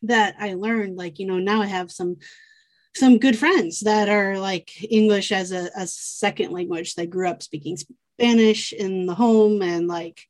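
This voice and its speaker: A woman's voice: medium pitch, a little mellow. A woman from the United States in a casual conversation, friendly and thoughtful, laughing often.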